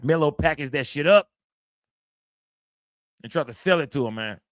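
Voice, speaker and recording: A man's voice: on the high side, expressive, normal speed, dry recording, clean studio sound. A man hosting a livestream, giving blunt, profane commentary and talking straight to his chat. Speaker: livestream host.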